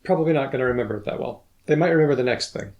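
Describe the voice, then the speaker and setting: A man's voice: medium pitch, very fast, a little mellow. A man hosting a casual chat, curious and eager, asking questions and guessing answers. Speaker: podcast host.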